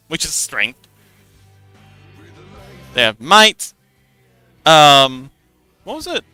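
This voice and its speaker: A man's voice: on the high side, sharp tone, clear, resonant tone, dry recording. A young man hosting a livestream, casually explaining how a tabletop game works, giggling and rambling with lots of restarts. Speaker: livestream host.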